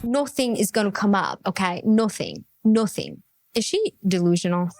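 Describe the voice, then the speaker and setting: A woman's voice: mid-range voice, huge pitch swings, moderate pace, creaky, a little mellow, no room sound, soft background music. A woman reacting to a podcast clip, incredulous and laughing, mocking what she hears with put-on voices. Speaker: reaction commentator.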